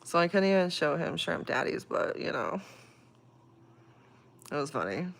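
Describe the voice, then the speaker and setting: A woman talks loosely to her livestream viewers, her speech full of swearing and frequent laughter. She moves through a personal story with plain emotion, sometimes soft and heavy, sometimes laughing. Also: low-pitched, big pitch swings, moderate pace, creaky. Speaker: livestream host. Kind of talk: casual livestream chat.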